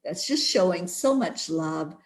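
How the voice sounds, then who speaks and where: A woman's voice: fairly low pitch, animated, measured pace. A woman hosting a spiritual talk show, often murmuring agreement as she listens. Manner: affirming, frequent agreeing murmurs. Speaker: show host. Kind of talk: conversational interview.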